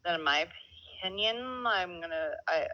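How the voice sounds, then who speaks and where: A woman's voice: on the low side, moderate pace. Apologetic saleswoman on a thin phone line. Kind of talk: customer service phone call.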